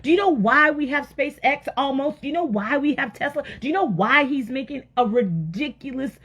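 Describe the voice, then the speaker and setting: A woman giving an energetic motivational sermon, firing rhetorical questions and breaking into sudden loud exclamations. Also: sits high, normal speed. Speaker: motivational faith speaker.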